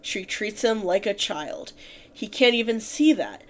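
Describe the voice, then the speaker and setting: A woman's voice: medium pitch, animated, unhurried. A woman reading her own fanfiction aloud on a stream, narrating plainly with slips and restarts.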